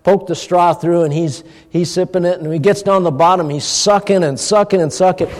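A middle-aged man, a pastor, giving an informal sermon, telling a personal story in a folksy, animated way with chuckles. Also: sits high, fairly quick. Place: church hall. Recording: long church-hall reverb.

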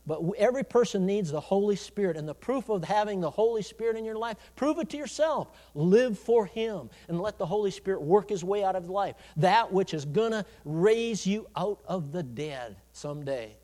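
A man pastor preaching a sermon, shifting between loud, emphatic declarations and quiet, conversational asides, in a church. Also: high-pitched, lively intonation, a little fast, few pauses. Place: church sanctuary. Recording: long hall reverb.

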